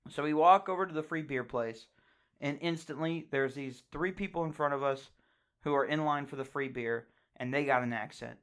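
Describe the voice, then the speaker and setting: A man's voice: a little high, moderate pace, fairly bright tone, smooth. Crude, joking young man telling stories. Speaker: podcast co-host. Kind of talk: casual podcast chat.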